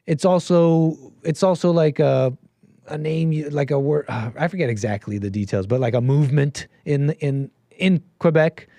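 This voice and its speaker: A man hosting a call-in stream in a loose, meandering way, often stopping mid-sentence to hunt for the right word. His voice sits a little high for a man. The sound is dry and close, with no room behind it. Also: normal speed, warm tone, no room sound. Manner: meandering, searching for words. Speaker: call-in show host. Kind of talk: casual call-in talk.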